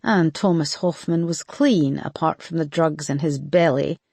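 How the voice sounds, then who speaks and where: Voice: medium pitch, measured pace, creaky, dry recording. An audiobook narrator voicing a big, easygoing Scottish detective constable who reasons through a case. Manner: relaxed, reasoning aloud. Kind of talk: audiobook character voice.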